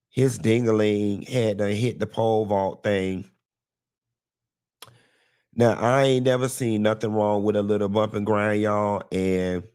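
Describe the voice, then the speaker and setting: A man hosting a live show, talking in a flamboyant, sassy way with drawn-out endearments and playful, dramatic rambling. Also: on the low side, a little mellow. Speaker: host. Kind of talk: live-stream commentary.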